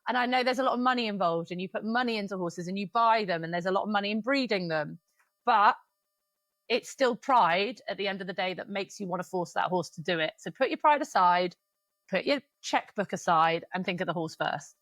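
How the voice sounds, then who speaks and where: A woman in her thirties chatting on a podcast, open and emotional, with the odd swear word and bursts of quick venting. Her voice sits at a middling pitch. It is recorded close and dry, with no room sound. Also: expressive, a bit bright, no room sound. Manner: frank, emotional and swearing, speeds up when venting. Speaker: podcast co-host. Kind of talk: casual podcast chat.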